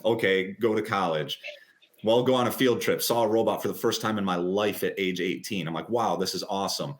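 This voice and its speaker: Chatty lower-voiced man telling his story. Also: slight background noise. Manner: chatty and animated; quick, lively retelling with acted-out quotes. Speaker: guest. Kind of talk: casual storytelling interview.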